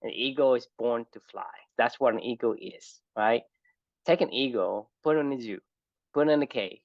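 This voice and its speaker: A man's voice: medium pitch, normal speed, no echo. Brief: casual male co-host, explanatory, slightly dull lo-fi mic, dry room. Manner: explains with animal analogies, repeats "right?". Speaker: podcast co-host. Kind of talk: casual podcast chat.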